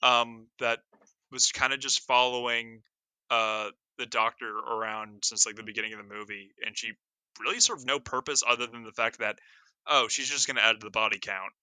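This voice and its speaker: A man's voice: mid-range voice, steady tone, moderate pace, bright, forceful tone, dry recording. A man in casual chat about a movie, wry and joking, stumbling over his restarts.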